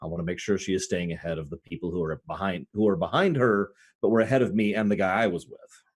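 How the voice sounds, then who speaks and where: A man taking part as a player in a tabletop game, talking in an animated, joking way with frequent restarts. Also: low-pitched, fast, slightly rough. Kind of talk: tabletop game play over voice chat.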